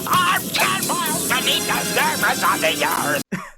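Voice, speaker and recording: A shrill, pompous cartoon brain-villain, whose high voice swoops wildly up and down. He sneers at everything, and loud music plays over the clip behind him. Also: huge pitch swings, a little slow, full character voice. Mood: sneering. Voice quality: high, whiny, theatrical. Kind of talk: cartoon voice acting.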